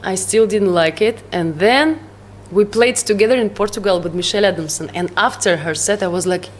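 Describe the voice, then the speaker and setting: A woman with a Russian accent talking as a guest in a casual interview. Her first language is Russian, and she talks haltingly, hunting for English words and laughing often. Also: mid-range voice, a little hiss or hum. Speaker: psytrance producer, guest.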